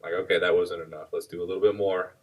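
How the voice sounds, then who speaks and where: Male co-host, very low and husky, thoughtful and measured; slightly distant mic. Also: flat delivery. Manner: thoughtful, reflective, speaks in measured phrases. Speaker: martial arts instructor, podcast co-host. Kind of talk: casual chat.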